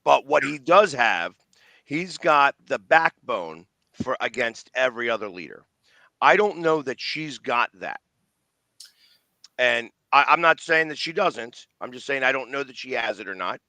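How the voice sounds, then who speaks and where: Blunt opinionated man, bright dry voice. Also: medium pitch, sing-song, a little slow, creaky, no echo, poor audio. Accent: Philadelphia. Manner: blunt, opinionated, stammering restarts. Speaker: sports show host. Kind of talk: casual political chat.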